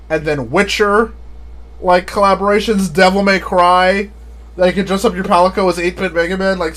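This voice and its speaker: High-voiced rambling male streamer. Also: fairly bright tone. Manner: rambling, laughs often at his own jokes. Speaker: live streamer. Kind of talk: casual live-stream chat.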